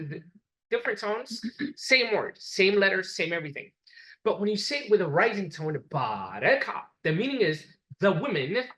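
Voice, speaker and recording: A man's voice: a little high, a bit bright, rough recording. Man lecturing patiently to a class. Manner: patient, explanatory, repeats examples for the class.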